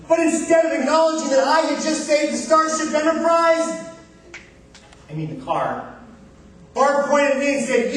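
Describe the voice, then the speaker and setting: A man giving a humorous contest speech on stage, telling a comic story with timed pauses before the punchlines. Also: very high-pitched, very animated, fairly bright tone. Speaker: contest speaker. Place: large hall, live stage. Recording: echoey hall from far off.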